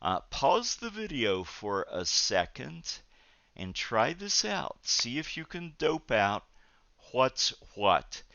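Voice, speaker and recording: A male psychology lecturer giving a recorded video lecture in a measured, explanatory way, often pausing on "uh" fillers. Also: mid-range voice, big pitch swings, vocal fry, bright, forceful tone, no echo. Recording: dull, lo-fi, dry recording.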